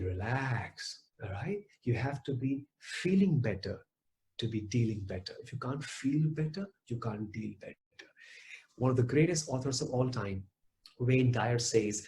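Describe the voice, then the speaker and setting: A man's voice: mid-range voice, warm tone. A man giving a motivational talk, emphatic and repeating key phrases for effect. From India. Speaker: motivational speaker.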